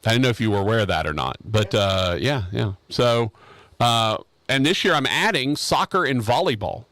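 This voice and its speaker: A male sports radio host, talking in a loose, joking, rambling way and often repeating himself. His voice sits at an ordinary pitch, and the studio sound is close and dry. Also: expressive, moderate pace, fairly bright tone, no room sound. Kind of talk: casual radio show chat.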